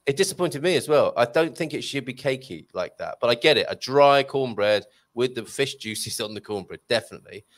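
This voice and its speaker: Playful male live-stream host, lively pitch. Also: fairly quick, few pauses. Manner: joking, self-mocking, lively banter. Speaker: show host. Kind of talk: live-stream casual chat.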